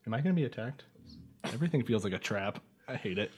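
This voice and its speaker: A man's voice: lowish voice, animated, quick pace, noisy background. A man guesting on a comedy podcast, joking in a silly, self-mocking way. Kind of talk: comedic casual chat.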